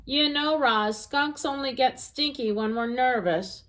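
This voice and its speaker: A woman reading a storybook aloud, voicing a friendly, chatty female skunk who talks in a squeaky, eager, folksy way. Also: a little slow, a bit bright. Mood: excited.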